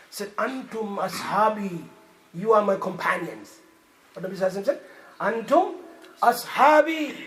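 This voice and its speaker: A man delivers an impassioned Friday sermon in a very high voice, his pitch leaping all over. He drops to a hush, then shouts, and slips in Arabic and Hindi-Urdu phrases. It's recorded in an echoey mosque with a faint hiss behind. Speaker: preacher.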